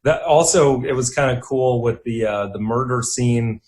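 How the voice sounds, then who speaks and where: A young man co-hosting a casual chat about favorite films, easygoing, laughing often and filling pauses with "uh". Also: medium pitch, a little mellow. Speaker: podcast co-host.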